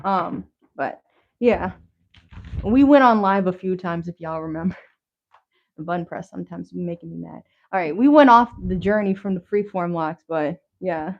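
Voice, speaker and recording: A woman's voice: fairly low pitch, moderate pace, gravelly. Woman, casual livestream host, rambling slangy chat with a lot of fillers, slightly breathless, dull lo-fi audio. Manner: chatty and rambling, many fillers and restarts; casual slang, talks straight to viewers. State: a little out of breath. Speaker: livestream host showing handmade crafts.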